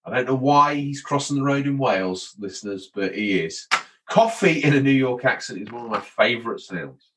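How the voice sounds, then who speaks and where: A man's voice: medium pitch, lively intonation, moderate pace, fairly bright tone, poor audio. A man hosting a casual gaming podcast, chatty and wry, reading out listener messages. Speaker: podcast host.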